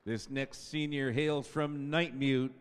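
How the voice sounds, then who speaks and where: At a school senior night in a gym, a man in his fifties serves as announcer, drawing out the players' names and tossing in chatty asides between them. His medium-pitched voice is smooth, slow, and fairly even, carried over a PA microphone with echoey gymnasium sound and a faint crowd.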